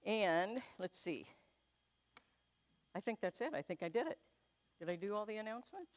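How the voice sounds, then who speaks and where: Low-voiced woman minister leading a service. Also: lively intonation. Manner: chatty and self-deprecating, then slow and soothing. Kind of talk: church announcements and guided meditation. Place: church sanctuary with congregation.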